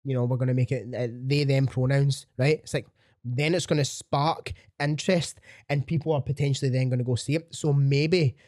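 A man's voice: mid-range voice, steady tone, normal speed, a little mellow, no room sound, clean studio sound. A man hosting a podcast, ranting bluntly with plenty of swearing in casual chat. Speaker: podcast host.

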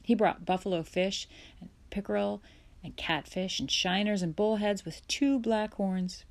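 A woman narrating a children's chapter book aloud in a gentle, unhurried way. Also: medium pitch, fairly even intonation. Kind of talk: storybook read-aloud.

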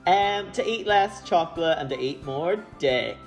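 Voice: mid-range voice, moderate pace, music in the background. A guest on a podcast talking in a playful, bawdy way. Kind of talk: casual podcast chat.

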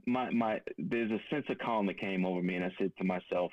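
A man's voice: on the low side, fast talker, hardly any pauses, no room sound, muffled recording. A man co-hosting a podcast, talking in a blunt, profane, casual way and telling a personal story. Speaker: podcast co-host. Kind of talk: casual conversation.

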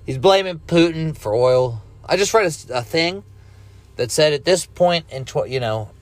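A man rambling casually while high, laid-back and profane, coughing now and then and breaking into ranting bursts. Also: lively intonation, normal speed, no room sound. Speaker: cannabis vlogger. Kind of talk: casual stoned rambling monologue.

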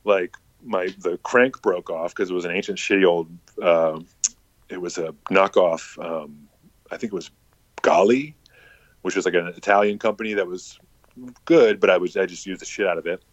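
A man's voice: deep voice, normal speed, no echo, muffled recording. A man telling a casual, rambling story full of swearing and filler words.

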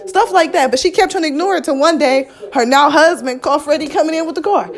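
High-pitched fast-talking young woman. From Ohio, USA. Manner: animated storytelling, swearing, laughing often. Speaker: podcast host. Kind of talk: casual family chat.

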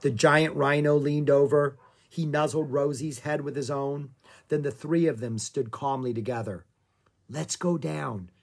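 An audiobook narrator reading a children's story aloud in a calm, expressive way. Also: medium pitch, normal speed.

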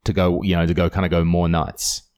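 Casual Estonian-accented man, low voice. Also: fairly quick, clean tone. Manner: swearing, animated storytelling with loud put-on shouts. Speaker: comedian podcast host. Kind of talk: casual chat.

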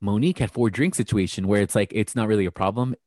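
A man's voice: fairly low pitch, quick pace, darkish tone, no room sound, clean studio sound. A young man hosting a casual recap chat, gossipy and chatty, full of fillers. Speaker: podcast host.

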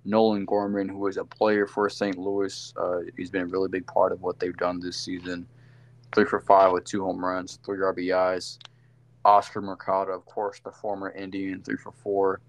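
A man's voice: deep voice, completely flat delivery, normal speed. A man co-hosting a casual sports podcast, rambling through game recaps with lots of fillers and self-corrections. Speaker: podcast co-host.

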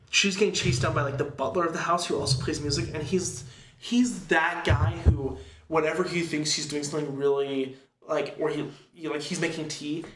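Rambling, chatty man in an echoey room. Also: on the high side. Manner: rambling, filler-heavy storytelling with animated quoted voices. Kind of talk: casual chat recapping a film.

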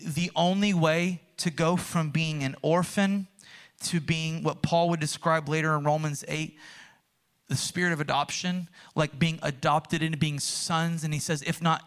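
A young man preaching a sermon, earnest and animated, acting out quotes as he tells stories. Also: a little high. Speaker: pastor.

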